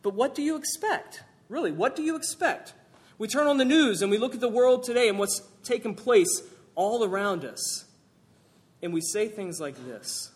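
A man delivers a sermon from the pulpit in a fairly high voice. He preaches with animated energy, rising sharply for emphasis and then sinking to quiet, low remarks. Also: moderate pace. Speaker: pastor.

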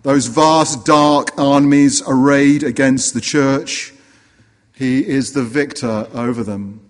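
A man preaching a sermon earnestly, rising for emphasis and dropping low and quiet. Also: steady tone, slow pace, in a large hall. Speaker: pastor.

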